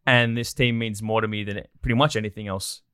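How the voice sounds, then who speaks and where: A man's voice: fairly low pitch, steady tone, a little fast, a bit bright, smooth, no room sound, clean studio sound. An Australian man chatting enthusiastically as a guest in a casual interview. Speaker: guest, documentary producer.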